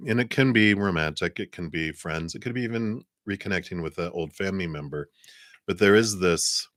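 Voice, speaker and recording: A man giving a live-stream tarot reading, soft-spoken and meandering with many fillers, talking around a cough drop. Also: sits low, no echo, studio quality. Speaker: tarot reader.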